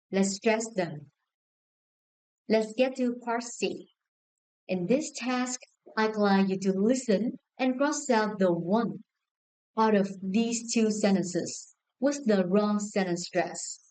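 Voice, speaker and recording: A woman with a Vietnamese accent teaching an English lesson, giving clear, encouraging instructions to a class. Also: mid-range voice, darkish tone, low-quality recording.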